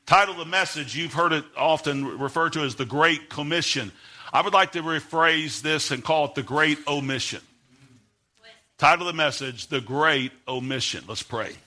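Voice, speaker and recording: A middle-aged man preaching as a guest pastor, emphatic and building to sudden shouts, reading scripture in old King James wording. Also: on the high side, moderate pace. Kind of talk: Baptist sermon.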